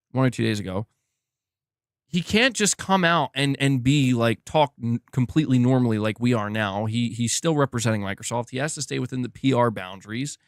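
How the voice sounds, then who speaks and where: A man on a gaming live stream talks in a loose, slangy way, laughing and tripping over his own restarts. His voice sits a little high for a man. The sound is dry and close, as if from a desk mic in a small home setup. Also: no room sound. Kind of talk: casual live-stream chat.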